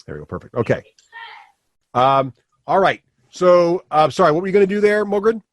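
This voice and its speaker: A man runs a tabletop session as game master, his voice sitting a little high for a man. He patiently talks players through positions and rules and calls on each by name. The sound is dry and close, with no room around it. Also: lively intonation, normal speed, no echo. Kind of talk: running a tabletop game live.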